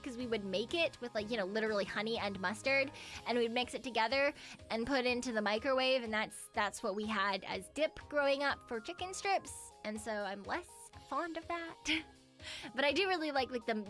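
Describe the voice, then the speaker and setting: A young woman with a fairly high, slightly bright voice streams as a VTuber. She chats casually with her viewers, swears freely, and grumbles in a mock-dramatic way.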